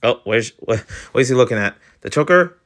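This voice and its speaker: A man's voice: medium pitch, lively intonation, a little fast, fairly bright tone. A sick man with a cough giving a casual, jokey read-along of a webcomic, full of slangy asides. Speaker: webcomic reader and reactor.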